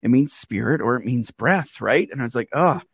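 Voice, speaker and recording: A man who is a pastor and co-host, talking in a relaxed, reflective way during a casual chat. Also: mid-range voice, fairly quick, vocal fry, slightly rough, dry recording. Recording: dry, dull lo-fi sound.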